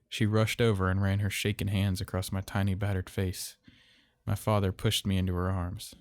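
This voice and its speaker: A man telling a horror story in slow, measured, somber narration. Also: low voice, little pitch movement, no echo, clean studio sound.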